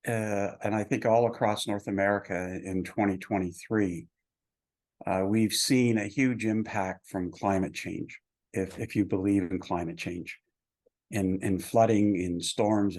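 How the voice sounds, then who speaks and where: A man with a fairly low voice hosts a business webinar. He asks his questions haltingly, restarting and repeating words as he goes. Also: a little mellow. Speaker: webinar host. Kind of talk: asking interview questions.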